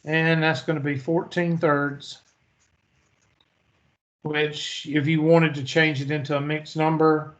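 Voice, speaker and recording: A male math instructor with a slightly higher-than-usual voice. He lectures in a folksy, storytelling way, asking questions and answering them himself. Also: little pitch movement, slow, pauses often, fairly bright tone, muffled recording.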